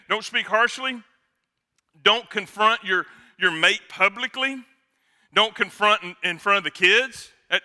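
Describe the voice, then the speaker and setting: Bright, high-voiced joking male preacher. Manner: joking, conversational preaching with quick asides. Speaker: pastor. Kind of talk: sermon.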